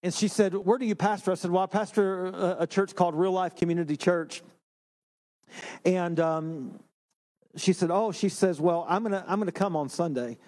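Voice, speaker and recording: Pastor guy preaching, pretty high voice, chatty and jokey about himself. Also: fairly even intonation, moderate pace, darkish tone. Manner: conversational storytelling with self-deprecating humor. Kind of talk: sermon. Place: church sanctuary.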